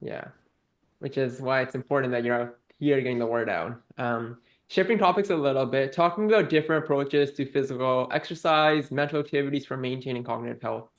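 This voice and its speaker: A man's voice: mid-range voice, brisk. A male host steers an interview with brief, affirming remarks. His voice sits in a middle range. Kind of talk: interview talk.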